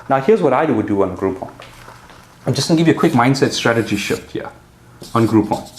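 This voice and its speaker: A man's voice: mid-range voice, darkish tone. A man with a South African accent coaching a group on fitness business marketing, talking directly and punchily and checking in with his listeners. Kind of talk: marketing seminar talk. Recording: roomy echo.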